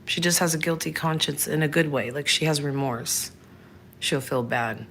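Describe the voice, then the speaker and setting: A woman's voice: sits low, moderate pace, fairly bright tone, a little hiss or hum. A woman in her thirties hosting a casual livestream, chatting frankly and answering viewers by name. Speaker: livestream host.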